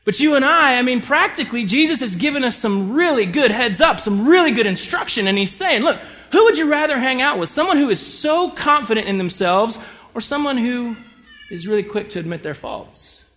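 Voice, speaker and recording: A man with a high, bright, forceful voice preaches a sermon. He tells stories with lively energy and swings between loud bursts and quiet, soft lines. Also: moderate pace. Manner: storytelling, animated, shifts between loud and soft delivery. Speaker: pastor.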